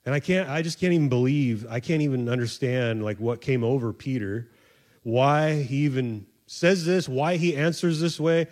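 Animated, joking male preacher. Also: moderate pace. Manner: animated, acts out voices of the disciples with sudden high squeaks; conversational, jokey, laughs at himself. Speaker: pastor. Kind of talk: sermon.

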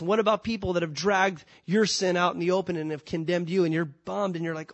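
Animated preaching man, a bit high. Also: brisk. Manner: animated preaching with sudden loud rises and soft drops; conversational, asks the congregation questions. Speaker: pastor. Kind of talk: sermon.

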